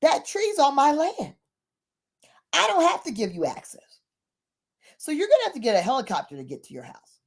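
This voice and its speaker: A woman doing a calm shrewd old farmer. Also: sits high, exaggerated voice. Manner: unhurried, matter-of-fact.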